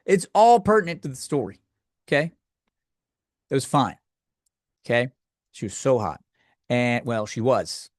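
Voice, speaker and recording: A man hosting a comedy podcast, ranting through a story, jumping up into squealing highs when he quotes himself. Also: no room sound, clean studio sound. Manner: loud animated storytelling, squealing high for quoted outbursts. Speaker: podcast host. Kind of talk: comedic rant.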